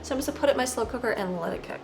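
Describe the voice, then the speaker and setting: A woman's voice: racing, vocal fry, over loud music, rough recording. A woman vlogger and homeschooling mom chatting casually and rambling about her day at home, partly out on her deck. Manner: chatty, rambling, talks to pets in a high voice. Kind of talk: casual day-in-the-life chat.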